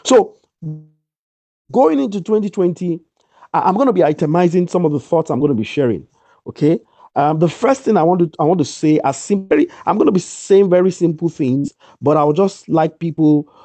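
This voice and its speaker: A man's voice: fairly high pitch, mellow, no echo. A man giving an emphatic motivational talk, repeating his key lines over a video call. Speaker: guest speaker.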